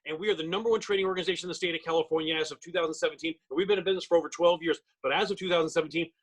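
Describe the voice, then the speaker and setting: Through a computer mic on a video call, a middle-aged man delivers a webinar on real estate training. He speaks extremely quickly with emphatic sales push, in a high, husky voice with a steady tone, and the recording is rough.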